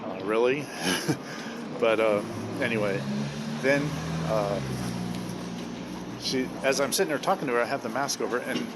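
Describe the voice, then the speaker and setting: Man, casual vlog storytelling, sardonic, profane, rambling, loud vehicle noise. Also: medium pitch, moderate pace, long pauses. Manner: rambling, sardonic, swears freely, many uh and um. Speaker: vlogger.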